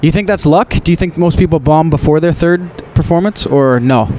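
Male podcast host with a fairly high voice. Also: fairly quick, warm tone, slight background noise. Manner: short encouraging replies, easy laughter. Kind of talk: casual interview chat.

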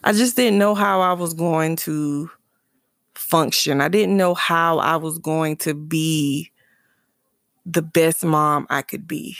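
Her story, about her son and the boy's father, comes out candid, earnest and emotional, with frequent restarts and repeated phrases. The mother speaks slowly in a deep voice with fairly even intonation, and the studio sound is clean with no echo.

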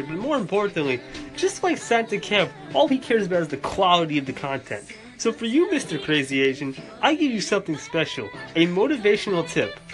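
A man hosting a podcast in a jolly Santa persona, giving cheerful, bouncy holiday shout-outs. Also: sits high.

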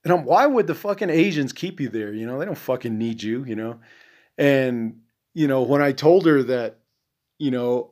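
A man's voice: medium pitch, animated, fairly quick, darkish tone. Cursing man ranting on a podcast. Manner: angry, profane ranting full of "you know"; voice drops and trails off at ends of phrases. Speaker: podcast host. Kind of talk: casual monologue.

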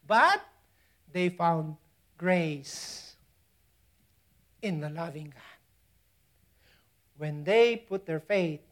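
A woman from the Philippines with a Filipino accent preaching a sermon, swinging from loud emphasis down to hushed near-whispers and chuckling at her own asides. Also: fairly low pitch, lively intonation, drawn-out words, pauses often.

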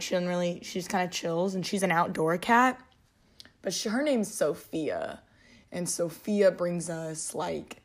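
A woman hosts a casual solo podcast from her home. She rambles in a chatty way, full of fillers and restarts, and is clearly amused by her own jokes. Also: fairly low pitch. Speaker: podcast host. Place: at home, alone.

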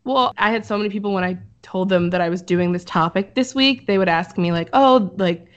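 A woman hosting a casual podcast, explaining an article she found in an easygoing, chatty way. She pauses on fillers as she reads from her notes. The recording is a bit dull and lo-fi. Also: lowish voice. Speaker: podcast host presenting research. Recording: dull lo-fi audio.

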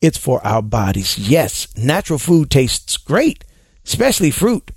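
A man talks through listener questions on a casual advice show. His voice has a gravelly edge and swings widely up and down, and he often mimics people in exaggerated voices. The sound is dry and close, with no room echo. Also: on the high side, very animated, a little slow, darkish tone.

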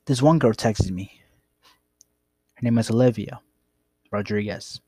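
A man's voice: lowish voice, measured pace, warm tone, breathy edge, no room sound. A young man casually telling a rambling, profane story about his past. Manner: rambling, profane, laid-back.

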